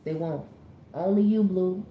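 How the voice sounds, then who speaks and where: A woman's voice: on the low side, a little slow, dull audio, slight background noise. A woman reading tarot cards in a casual, chatty way, full of slang and repeated phrases for emphasis. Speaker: tarot reader. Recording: roomy echoey recording.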